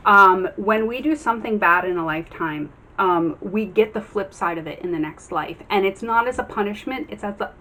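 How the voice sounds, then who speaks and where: A woman's voice: mid-range voice, pushed and bright. Encouraging woman giving a tarot reading. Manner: earnest, encouraging, many ums and restarts. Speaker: tarot reader.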